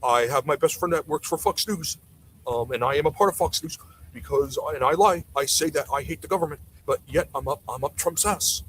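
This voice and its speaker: A man's voice: on the high side, fairly quick, a bit bright, slight background noise, natural voice, poor audio. A man putting on a mocking voice of a boastful, lying adult man who confesses his faults in a sneer.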